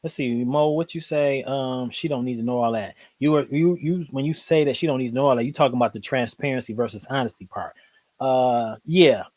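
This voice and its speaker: A man hosting a live stream, reacting to clips in rambling, animated casual commentary full of fillers. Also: mid-range voice, a little fast, dry recording.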